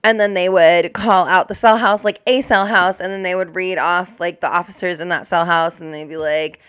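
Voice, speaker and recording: A woman's voice: on the low side, steady tone, moderate pace, a bit bright, clear, resonant tone, no room sound. A young woman who works as a corrections officer, reacting to news clips in casual, blunt, profane chat full of "like". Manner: blunt, profane, chatty with many likes.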